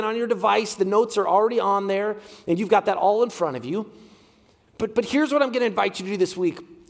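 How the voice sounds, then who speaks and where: A middle-aged man preaching a heartfelt sermon as a pastor, leaning on repeated phrases. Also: on the high side. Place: church sanctuary. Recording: long hall reverb.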